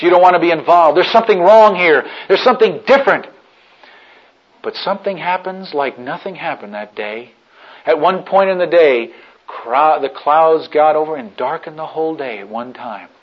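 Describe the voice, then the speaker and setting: A man preaching a sermon as dramatic storytelling, dropping to a hush and then rising to loud outbursts. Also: a little high. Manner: dramatic storytelling, swings from hushed to shouting. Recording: dull lo-fi recording.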